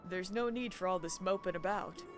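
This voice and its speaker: A woman voicing a hearty older nobleman who talks in a brisk, proper way, with game music behind. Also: fairly low pitch, close to an everyday voice. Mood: reassuring.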